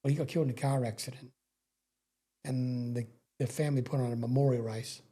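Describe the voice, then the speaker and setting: A middle-aged man with an Australian accent spins long, rambling stories in casual talk. His voice is husky and darkly mellow, and he swears freely and stumbles back over his own sentences. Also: mid-range voice, steady tone, a little fast. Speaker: guest, sprintcar racing veteran. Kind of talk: casual storytelling interview.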